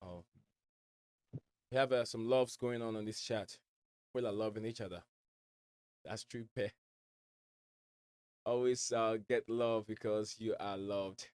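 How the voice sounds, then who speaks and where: A man's voice: lowish voice, fairly even intonation, unhurried, pauses often, a little mellow, a little hiss or hum. A man from West Africa with an accent blending West African and American, hosting a casual fan livestream at home and reading viewer messages in a rambling way, with many fillers and repeated words. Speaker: livestream host.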